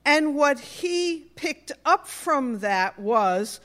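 A woman pastor with a New York accent delivers a sermon at an unhurried pace. Her voice sits a little high, and she tells stories in a warm, personal way. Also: lively intonation.

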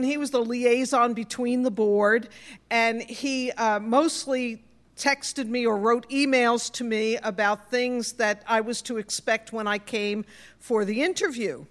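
A sermon comes from a New York–accented woman pastor whose slightly high voice never rushes. She shares stories with warmth and a personal touch.

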